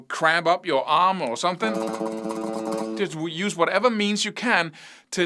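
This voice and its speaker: Lively bright-voiced male guitar teacher. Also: high voice. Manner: demonstrates picking rhythms by singing syllables; conversational, repeats himself and restarts. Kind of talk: spoken guitar lesson.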